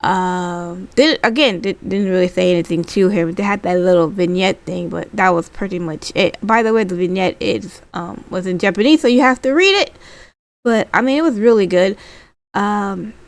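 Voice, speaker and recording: A woman's voice: mid-range voice, moderate pace. A woman recapping wrestling in a casual, rambling way, with lots of fillers and restarts. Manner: acts out quotes in a lively voice.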